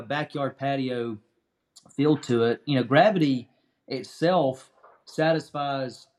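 A young adult man talking in an easygoing, chatty way as a guest in a casual interview. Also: mid-range voice.

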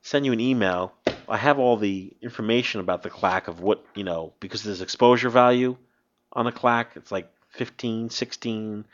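A man's voice: on the low side, normal speed. A man hosting a podcast in casual chat, rambling and restarting his sentences, laughing often. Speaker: podcast host. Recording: slightly dull lo-fi sound.

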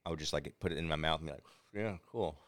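A man's voice: rumbling low, quick pace, fairly bright tone, no echo. A young man on a podcast rambling through casual anecdotes, acting out what everyone said. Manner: rambling anecdotes with acted-out quotes. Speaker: podcast co-host. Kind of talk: casual storytelling.

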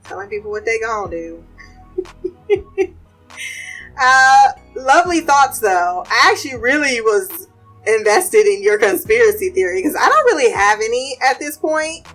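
A woman's voice: a little high, expressive, moderate pace, a bit bright, faint music behind. A woman co-host responding in casual chat, teasing and laughing. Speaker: podcast co-host.

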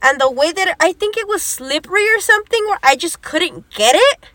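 High, bright, animated young woman. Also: brisk, no echo. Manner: animated storytelling, acts out quoted lines, swears often. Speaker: podcast co-host. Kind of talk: casual chat.

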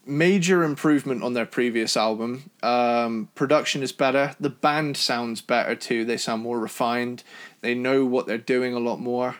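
A man from Cornwall with a British accent, co-hosting a casual album review chat in an enthusiastic, talkative way. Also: moderate pace. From Cornwall, England. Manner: enthusiastic, chatty, jumps in pitch when excited. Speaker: podcast co-host reviewing albums.

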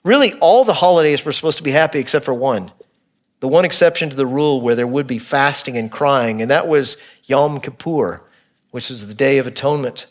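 A middle-aged man preaching an expository sermon, earnest and shifting between emphatic and hushed delivery. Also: medium pitch, animated, a little fast. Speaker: pastor.

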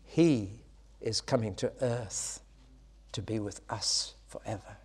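A man preaching a sermon, expressive, building to loud, high exclamations and dropping back to soft, quiet lines. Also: takes it slowly, breathy edge.

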